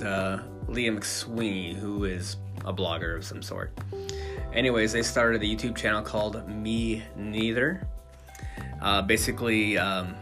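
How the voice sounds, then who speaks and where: Man in a casual opinion rant, lowish voice, profane, stumbling over words, faint music behind. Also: fairly bright tone. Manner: profane, stammering restarts and fillers.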